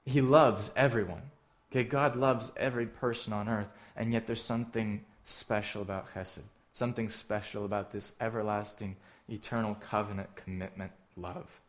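A man preaching a sermon, earnest and direct, asking the listeners questions and swinging between emphatic lines and hushed ones. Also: on the low side, fairly even intonation, moderate pace. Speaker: pastor.

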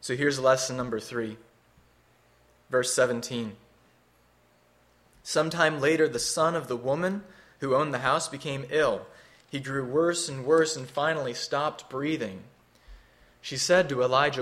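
A man's voice: mid-range voice, moderate pace, a bit bright. Earnest man preaching a sermon. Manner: earnest expository teaching, rising emphasis.

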